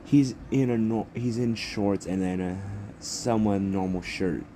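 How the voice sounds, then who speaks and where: A man's voice: on the low side, a little slow, mellow, a little hiss or hum. A young man improvising a fan story as narrator, rambling and correcting himself as he goes.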